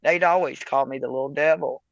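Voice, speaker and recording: Excitable male caller on a dull line. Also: mid-range voice, brisk, gravelly, slight background noise. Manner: laughing, excitable storyteller. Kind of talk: casual storytelling.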